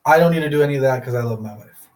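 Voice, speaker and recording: A man's voice: medium pitch, rapid-fire, darkish tone, a little hiss or hum. A young man hosting a casual talk show, loose and rambling, laughing often. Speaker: podcast host. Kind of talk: casual chat.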